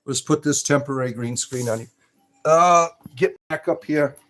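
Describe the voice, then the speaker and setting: A man's voice: mid-range voice, moderate pace, a bit bright, soft background music, poor audio. Rambling man hosting a home livestream. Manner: rambling, coaxing baby-talk to his pets. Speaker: livestream host. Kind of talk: casual livestream chat. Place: room at home. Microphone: phone.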